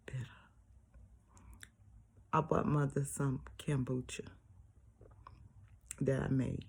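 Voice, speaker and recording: Husky older woman half-whispering. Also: sits low, slow pace, pauses often, warm tone. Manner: often drops to a breathy near-whisper; preachy, repeats phrases for emphasis. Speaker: vlogger. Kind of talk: casual personal monologue.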